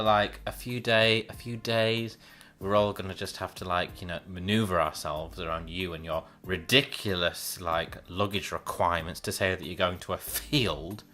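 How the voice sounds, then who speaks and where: A man in his late twenties with a Northern English accent rants to his camera, exasperated and sarcastic, with plenty of swearing. His voice has a bright, forceful edge. Faint music plays quietly behind him. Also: lowish voice. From Northern England. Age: late 20s. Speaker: vlogger. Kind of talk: ranting vlog monologue.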